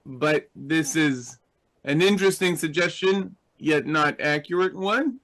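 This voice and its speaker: A man's voice: a little high, unhurried, fairly bright tone, low-quality recording. A man teaching a class in a patient, explanatory way, asking his students questions. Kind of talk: slow, deliberate Hebrew grammar lesson.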